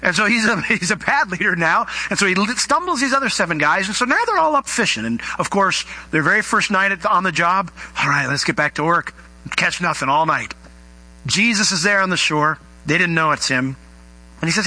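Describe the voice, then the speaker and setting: A middle-aged man delivers a sermon in a bright, ringing voice that sits a little high for a man. He tells his stories animatedly, leaping up in pitch whenever he acts out what people said. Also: moderate pace, low-quality recording. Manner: animated storytelling, acting out quoted voices with big pitch jumps. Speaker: pastor.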